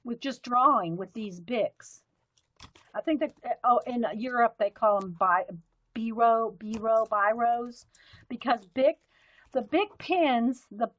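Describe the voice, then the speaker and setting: A woman's voice: medium pitch, a bit bright, no echo. A woman hosting a casual live stream, chatting to her viewers in a rambling way and laughing often. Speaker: livestream host.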